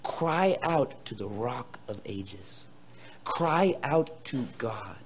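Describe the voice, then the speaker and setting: A man preaching a sermon, reading scripture dramatically and swinging between loud bursts and quieter asides to his listeners. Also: mid-range voice, animated, extremely slow, noisy background. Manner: playful asides to the audience. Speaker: pastor.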